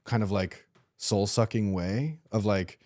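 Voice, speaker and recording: Male podcast host, lowish warm voice, appreciative and reflective. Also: a little slow. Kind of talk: conversational interview.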